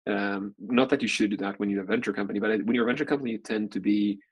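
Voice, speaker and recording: A man's voice: fairly low pitch, fairly even intonation, fast talker, breathy edge, dull audio. A man in his forties, a venture capital partner, telling a long story in a casual interview, rambling with lots of "like" fillers.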